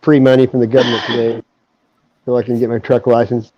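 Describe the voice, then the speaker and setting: A man's voice: medium pitch, little pitch movement, fast, dark tone, highs cut off, a little hiss or hum. A man joking bluntly in a casual group chat on a livestream.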